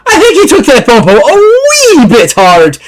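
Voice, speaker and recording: A man's voice: very high-pitched, wildly swooping pitch, measured pace, voice pushed up, heavily acted. A man putting on a brassy woman sailor. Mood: fussing.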